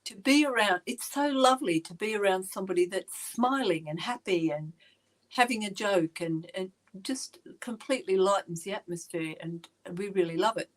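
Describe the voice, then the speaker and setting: A woman's voice: mid-range voice, moderate pace, rough recording. A woman hosting a casual interview, chatty and enthusiastic, telling stories and laughing easily. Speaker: podcast host. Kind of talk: casual chat.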